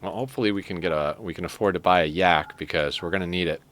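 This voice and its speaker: A man's voice: deep voice, fast, fairly bright tone. A man streaming a strategy game, chatting casually, swearing freely and drifting into self-amused stories. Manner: rambling, profane, self-amused storytelling. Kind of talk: casual live-stream gaming commentary.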